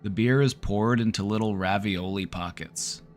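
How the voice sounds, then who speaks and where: A man's voice: on the low side, normal speed, faint music behind. A man streaming live, giving casual joking commentary with wry running reactions. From United States.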